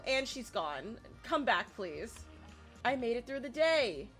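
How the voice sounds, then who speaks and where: A woman giving excitable let's play commentary, repeating herself and swearing playfully as she plays. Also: a little high, slow pace, music in the background. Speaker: gaming streamer.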